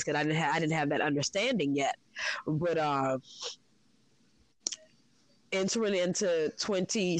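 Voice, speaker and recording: A woman's voice: deep voice, no room sound, low-quality recording. A woman candidly telling her spiritual story in a frank, profane, reflective way, with many fillers.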